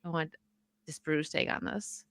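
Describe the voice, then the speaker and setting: A woman hosts a casual podcast chat, telling stories in an animated way and laughing often. Her voice is bright and sharp. The recording is close and dry. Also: sits low, unhurried, creaky, smooth, no room sound. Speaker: host.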